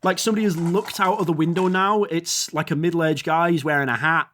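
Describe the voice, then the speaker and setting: A man's voice: a little high, fairly even intonation, fairly quick, a bit bright, a little hiss or hum. A man narrating as game master, rambling and descriptive with fillers.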